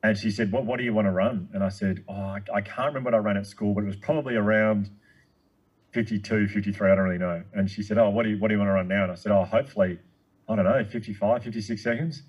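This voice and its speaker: A man tells a story at a rapid clip, the words tumbling out in his eagerness. His voice is husky and sits low. It sounds like relaxed conversation with a guest speaker. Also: low-quality recording. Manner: fast, excitable storyteller. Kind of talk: casual chat.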